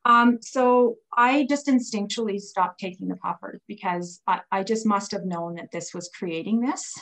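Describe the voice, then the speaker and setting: Woman guest, personal testimony, chatty and animated, stumbles and restarts, mid-pitched voice. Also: moderate pace, rough recording. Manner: animated retelling with frequent restarts and "like". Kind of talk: casual personal storytelling.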